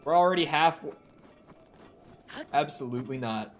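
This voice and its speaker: Slight background noise sits under this man's a-little-high voice as he talks at a measured pace. A light-accented Minnesotan, he streams a game with chatty, profane commentary, reading chat aloud and replying.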